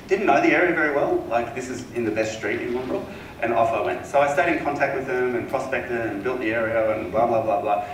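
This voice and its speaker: A man telling a casual, animated sales story at a seminar, acting out the voices of the people in it. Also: mid-range voice, moderate pace, background noise. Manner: casual, animated anecdote-telling with acted quotes. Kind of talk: storytelling talk to an audience. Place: seminar room. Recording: echoey hall, mic at a distance.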